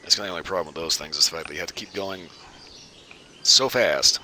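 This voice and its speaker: A man's voice: low-pitched, fast talker, sharp tone, slight background noise. A man streaming a driving game, chatting in a rambling, crude, bemused way. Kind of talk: casual gameplay commentary.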